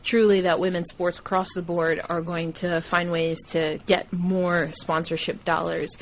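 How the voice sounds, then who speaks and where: A woman, a guest on a podcast, talking in a lively, laughing way. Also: on the low side, measured pace, a little hiss or hum, low-quality recording. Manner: animated, laughs often, acts out quoted dialogue. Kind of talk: casual interview chat.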